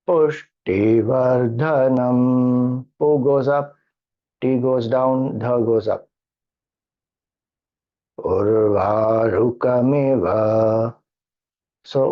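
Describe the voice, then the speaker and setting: Slow-spoken Indian English man teaching. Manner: patient, explanatory, chants slowly with rising and falling pitch. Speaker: spiritual teacher. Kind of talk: teaching mantra chanting. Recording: dull lo-fi audio.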